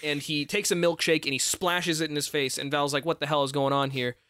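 A man's voice: on the high side, flat delivery, brisk, bright, forceful tone, slight background noise. Rambling man recapping a movie. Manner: rambling, restarts, swears casually. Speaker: podcast co-host. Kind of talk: casual movie recap chat.

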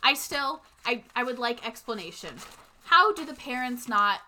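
A woman's voice: fairly high pitch, expressive, moderate pace, bright, forceful tone, a little hiss or hum. A woman co-hosting a podcast, making wry, skeptical remarks about a movie in casual chat. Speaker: podcast co-host.

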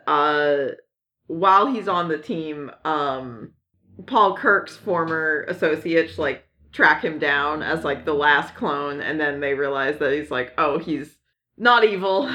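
A woman's voice: low-pitched, takes it slowly, pushed and bright. A woman co-hosting a casual podcast chat, rambling with many fillers and restarts, often giggling. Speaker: podcast co-host. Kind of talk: casual chat about comics.

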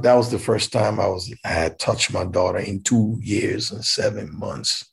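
A man's voice: fairly low pitch, normal speed, vocal fry, hardly any pauses, slightly rough. A man from Liberia, animatedly telling a personal story and acting out the dialogue.

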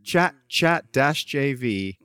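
A man co-hosting a podcast in casual chat, talking in a relaxed, rambling way with halting restarts. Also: mid-range voice, smooth, dry recording. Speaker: podcast co-host.

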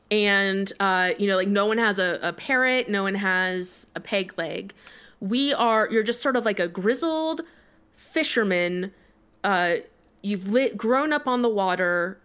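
A woman's voice: medium pitch, a bit bright, smooth. A woman playing a restaurant manager in an improvised comedy scene, talking in a chatty, hesitant way full of ums.

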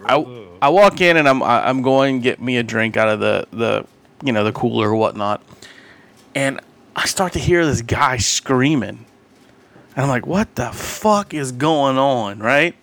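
A man's voice: mid-range voice, expressive, measured pace, a bit bright. A man co-hosting a podcast, telling a rambling story in casual chat, acting out quoted voices and laughing often. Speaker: podcast co-host.

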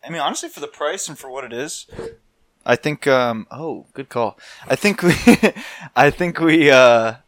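Bright-voiced man in laid-back chat. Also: medium pitch, animated, normal speed. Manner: laid-back, laughs easily. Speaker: podcast co-host. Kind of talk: casual podcast banter.

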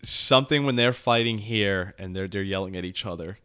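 A man with a fairly low but bright, forward voice talks in loose podcast chat. He rambles, restarts his sentences and swears freely, animated as he goes back and forth with his co-host. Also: fairly quick, smooth. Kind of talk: casual chat.

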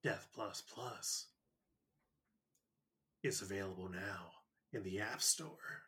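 A man's voice: sits low, slow, pushed and bright, voice pushed down, exaggerated voice. A man voicing a pushy mobile-game ad figure who pleads with a hero in a hammy, wheedling parody. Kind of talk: comedic podcast bit.

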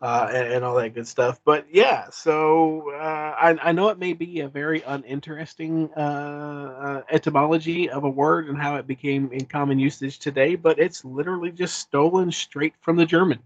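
A man's voice: a little high, fairly even intonation, normal speed, hardly any pauses, no echo. A man chatting casually as a podcast co-host, rambling with lots of fillers and restarts. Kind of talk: casual chat. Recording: dull lo-fi sound.

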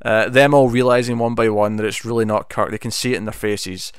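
A man's voice: lowish voice, steady tone, fairly quick, smooth, no echo, studio quality. A man co-hosting a casual podcast, reviewing a TV episode and retelling its scenes with bursts of animation. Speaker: podcast co-host.

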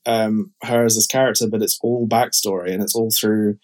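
A man's voice: fairly low pitch, little pitch movement, normal speed, darkish tone. A man chats as a guest on a podcast, talking about his own show. He sounds enthusiastic and fills his sentences with um and like. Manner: enthusiastic, chatty, many fillers. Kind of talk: casual podcast interview.

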